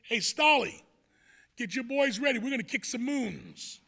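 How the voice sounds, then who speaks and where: A boastful high school wrestling coach trash-talks the other team, as a New man quotes him in his own gravelly voice. The voice is high and husky. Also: lively intonation, a little fast, sharp tone, full character voice. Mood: cocky. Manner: cocky trash talk, later sheepish.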